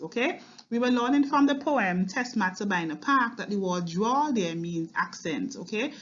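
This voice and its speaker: Female literature teacher, mid pitch, patient line-by-line explainer, lo-fi recording. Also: expressive, moderate pace, hardly any pauses, fairly bright tone. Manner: explains line by line, often checks in with "okay?". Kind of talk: recorded exam-prep poetry lesson.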